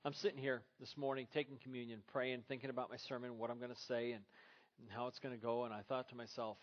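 A man's voice: medium pitch, flat delivery, fast talker, muffled recording. Earnest man preaching a sermon. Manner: earnest, rhetorical questions. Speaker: pastor.

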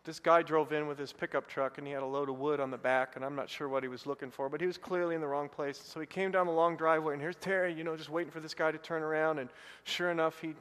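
A male pastor preaching a sermon, telling a personal story and rising to loud, excited bursts. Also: a little high, fast, few pauses, clear, resonant tone. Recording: long hall reverb.

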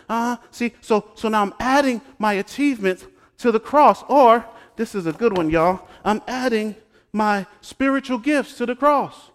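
A pastor preaching a sermon who teases his congregation and swings between hushed asides and loud exclamations. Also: very high voice, a little slow, clear, resonant tone. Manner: talks straight to the congregation, joking and teasing. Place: church sanctuary. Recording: long hall reverb.

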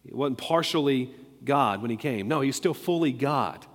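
A man's voice: medium pitch, lively intonation, normal speed, in a large hall. A man preaching a sermon as pastor, earnest and emphatic, repeating words for stress.

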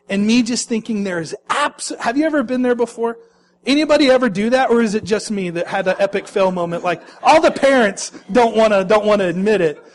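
High-voiced young pastor telling a story. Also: male voice, normal speed. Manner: animated, self-mocking storyteller. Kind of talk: personal anecdote told to an audience.

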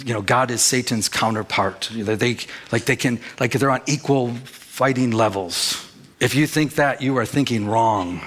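A man preaching a sermon as pastor, reading scripture and telling folksy stories in an animated way. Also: a little high.

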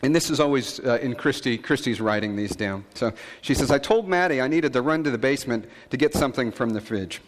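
A male pastor preaching a conversational sermon, telling stories in a relaxed way with frequent fillers and asides. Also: medium pitch, fairly quick, hardly any pauses, in a large hall.

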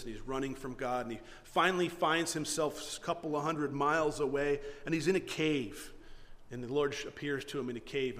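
A man preaching a sermon, retelling a story with animated energy and frequent restarts. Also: mid-range voice. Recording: long hall reverb.

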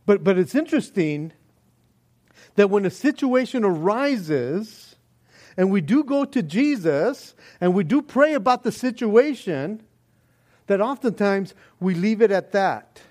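A man preaching a sermon in a joking, animated way, acting out little prayers and voices as he goes. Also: high-pitched, a little slow. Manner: animated, jokey, acts out quoted prayers and voices. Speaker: pastor.

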